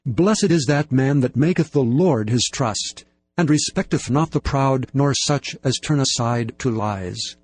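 A man reading scripture aloud in a measured, reverent way. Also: medium pitch, darkish tone, breathy edge, soft background music. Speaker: scripture reader.

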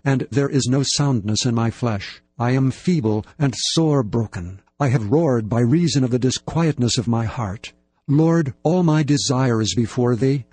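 A man giving a measured, solemn scripted reading of Bible passages. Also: medium pitch, mellow, breathy edge, no echo. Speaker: scripture reader.

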